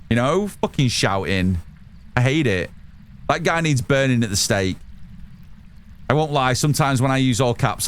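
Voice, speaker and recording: A loud, excitable man games on a live stream, chatting casually with his chat and swearing freely. He speaks at a normal speed in a medium-pitched voice.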